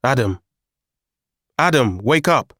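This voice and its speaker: A man's voice: medium pitch, unhurried, no room sound, studio quality, close to an everyday voice. A man playing a worried young man, a caring older brother, in an audiobook reading. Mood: anxious calling.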